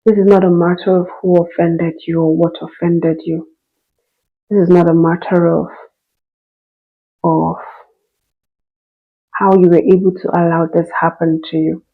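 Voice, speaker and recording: Fields: Sex: woman. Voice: gravelly, flat. Style: heartfelt reflection, earnest. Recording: slightly dull. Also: lowish voice, unhurried, long pauses. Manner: earnest, emotional, repeats phrases for emphasis. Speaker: host reading and responding to a listener's story.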